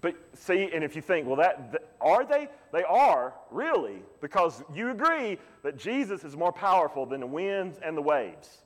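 A man's voice: a little high, very animated, moderate pace, hardly any pauses. A man in his thirties preaching a sermon in a folksy, conversational way with touches of humor. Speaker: pastor. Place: church sanctuary. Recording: long church reverb.

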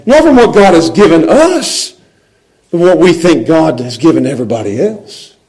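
A man's voice: a little high, animated, normal speed, a little mellow, poor audio. A middle-aged man preaching a sermon, acting out people's complaints in grumbling voices and chuckling as he goes.

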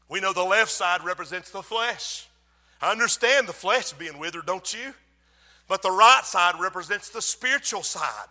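A male preacher, who swings between soft asides and shouted emphasis in his sermon. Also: high-pitched. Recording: long hall reverb.

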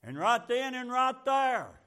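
A man's voice: very high voice, moderate pace, fairly bright tone. A man preaching a fervent, folksy sermon full of rhetorical questions.

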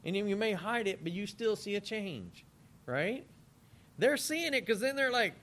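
Lively, animated male preacher. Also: high voice, unhurried. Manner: animated preaching, acts out scripture scenes in voices. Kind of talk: sermon.

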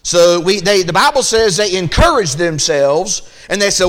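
A man preaching a midweek sermon as pastor, reading scripture and acting out the Israelites' voices in an animated, folksy style. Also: high voice, normal speed, few pauses.

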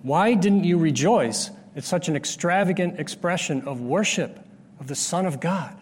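A man's voice: a little high, moderate pace, darkish tone, breathy edge. Man preaching in a reverberant hall. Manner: explanatory, rises sharply when acting out the disciples' scolding. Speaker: pastor. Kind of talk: sermon.

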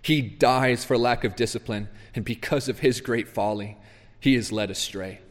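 A male pastor delivering a sermon in an earnest, emphatic way, stressing his warnings as he reads scripture. His voice sits at an ordinary pitch for a man. The sound carries the long reverb of a large hall. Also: normal speed. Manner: earnest, emphatic preaching, reading scripture aloud.

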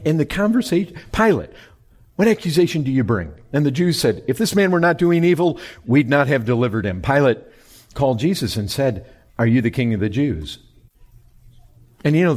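A man preaching a sermon, animated, swinging between loud high emphasis and quiet low lines. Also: slightly rough. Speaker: pastor.

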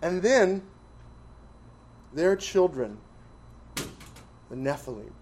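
A man preaching a sermon, emphatic and full of rhetorical questions, swinging between loud stresses and quiet asides. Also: fairly high pitch, lively intonation, very slow, a little hiss or hum. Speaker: pastor.

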